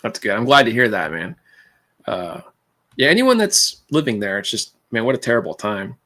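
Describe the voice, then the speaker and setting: A man's voice: mid-range voice, sing-song, moderate pace, pushed and bright. A man hosting a casual livestream who rambles from one thought to the next, laughs often and calls his viewers man and dude. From California. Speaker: livestream host.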